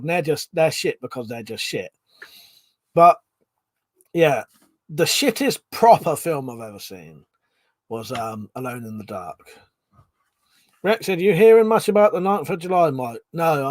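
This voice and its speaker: Recorded in clean studio quality with no room sound, a Buckinghamshire man with a fairly high voice hosts a casual livestream. He reads viewers' comments aloud, laughs often and doesn't hold back on swearing.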